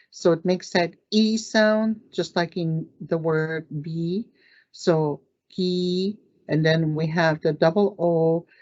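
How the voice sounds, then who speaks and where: A woman teaching words in a language lesson, saying each word slowly, repeating it, and clearing her throat now and then. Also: deep voice, warm tone, no echo. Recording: dull lo-fi dry recording.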